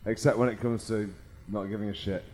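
A man's voice: fairly low pitch, little pitch movement, fairly quick, noisy background. A man making mock-bossy interjections in live comedy banter. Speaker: co-host in a comedy show.

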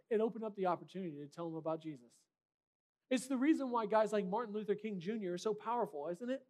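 A man's voice: sits high, quick pace, a little mellow. A man preaching a sermon as a pastor, in a direct, conversational way with rhetorical questions.

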